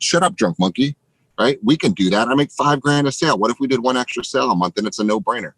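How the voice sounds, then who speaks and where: A man giving an energetic motivational pep talk to real estate agents, emphatic and casually profane. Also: mid-range voice, quick pace, slightly rough, dry recording, rough recording. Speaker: real estate team leader.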